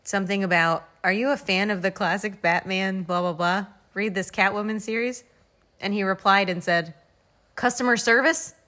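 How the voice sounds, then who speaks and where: A woman's voice: mid-range voice, fairly even intonation, moderate pace, bright, forceful tone. A woman co-hosting a casual podcast chat, reading tweets aloud and laughing often. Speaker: podcast co-host. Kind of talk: casual chat about a reality show.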